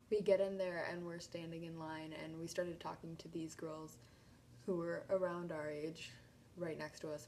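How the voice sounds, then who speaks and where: A young woman in a casual vlog, excitedly retelling a fan story with lots of "like" and sudden squeals. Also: on the low side, a little hiss or hum. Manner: gushing, breathless retelling with filler "like". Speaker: vlogger.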